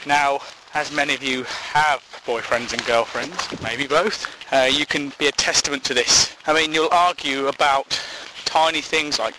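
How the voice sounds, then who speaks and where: A man's voice: fairly even intonation, normal speed, noisy background. A man rambling through a silly comic monologue, out of breath and amused at his own jokes. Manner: silly, self-amused, jumps into high put-on voices. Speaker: comedy podcaster.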